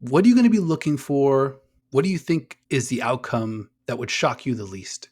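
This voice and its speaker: Male podcast host, casual and excitable, keen fan energy, cusses freely. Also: mid-range voice, moderate pace, slightly rough. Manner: enthusiastic, swears freely, rattles off player names. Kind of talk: casual sports chat.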